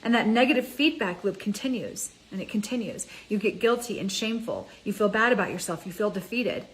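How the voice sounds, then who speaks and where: A middle-aged woman gives a motivational talk straight to her audience. She talks in a casual, energetic way and keeps asking her listeners direct questions. Her voice sits at an ordinary pitch for a woman. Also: fairly quick, low-quality recording. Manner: energetic, conversational, addresses viewers directly. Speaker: mind ascension coach.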